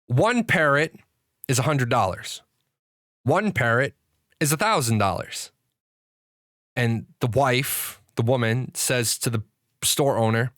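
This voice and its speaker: A man's voice: medium pitch, slow pace, long pauses, a bit bright, no room sound, studio quality. Rambling man joke-telling on stream. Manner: rambling, laughing at own jokes. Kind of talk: casual chat.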